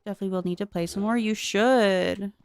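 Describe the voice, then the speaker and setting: Low-ish gravelly gal chatting thru a cozy game stream, dry close sound. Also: female voice, steady tone, a little fast, darkish tone, no echo. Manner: chatty, curious, thinking aloud and answering chat. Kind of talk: casual gameplay commentary.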